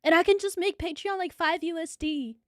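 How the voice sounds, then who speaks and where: High-voiced New Zealand woman streaming, breathless. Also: brisk, no room sound, studio quality. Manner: excitable, chatty, swears freely. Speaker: VTuber streamer. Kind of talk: live stream chat.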